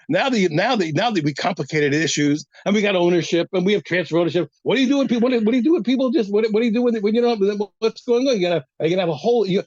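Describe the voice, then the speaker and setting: A man teaching a daf yomi Talmud class, animated and emphatic, often repeating words as he builds his point. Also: high voice, no room sound. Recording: dull, lo-fi, dry.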